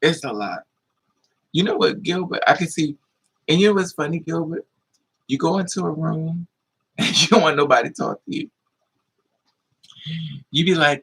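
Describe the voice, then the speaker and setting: A man telling a story in a casual monologue, animated and acting out voices with high-pitched squeals. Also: normal speed, gravelly, long pauses, breathy edge, rough recording. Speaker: live streamer.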